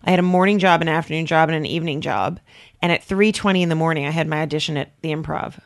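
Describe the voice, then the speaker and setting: Woman from Canada, comedian guest, gravelly, animated raconteur. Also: low voice, fast. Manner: animated storyteller who slips into impressions. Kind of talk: casual interview chat.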